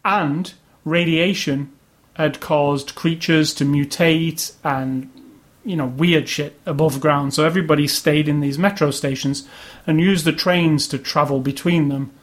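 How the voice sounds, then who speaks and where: A man's voice: on the high side, fairly even intonation, measured pace. A man casually chatting about video games as a podcast co-host, opinionated and rambling. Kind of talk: casual chat.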